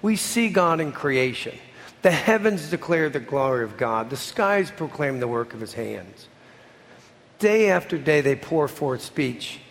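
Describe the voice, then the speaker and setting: Earnest preacher with a slightly high voice in a reverberant hall. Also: male voice, big pitch swings, a little slow, gravelly. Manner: earnest preaching, drops to a soft voice at the ends of lines. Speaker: pastor. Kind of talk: sermon with closing prayer.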